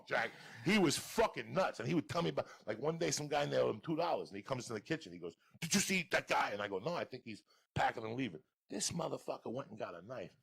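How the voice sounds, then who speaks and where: A man with a New York accent tells raucous, profane stories as a podcast guest. His voice is husky and gravelly, with a lot of fry. He talks fast, and his pitch leaps around as he gets worked up. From Cuba. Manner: profane, animated, booming laughs. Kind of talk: storytelling on a podcast.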